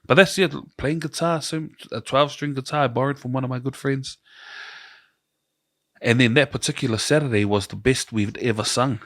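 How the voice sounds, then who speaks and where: A man's voice: medium pitch, normal speed, dry recording. Laid-back New Zealand man, dry close mic. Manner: relaxed, storytelling, laughs often. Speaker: podcast co-host. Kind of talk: casual chat.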